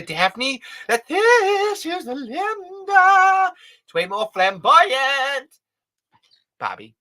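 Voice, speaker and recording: A man voicing a brassy, flamboyant cartoon mom with a high, sing-song voice. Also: bright, forceful tone, full character voice.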